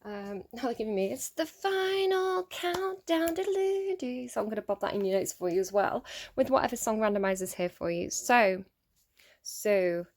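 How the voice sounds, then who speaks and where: A woman's voice: mid-range voice, steady tone, fairly quick. A woman giving a casual tarot reading to camera at home, rambling and chatty with lots of fillers and small laughs. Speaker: tarot reader.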